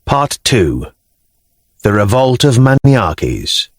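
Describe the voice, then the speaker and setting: A man narrating an audiobook in a measured, expressive way, recorded on a close studio mic. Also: mid-range voice, dry recording. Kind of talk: scripted narration.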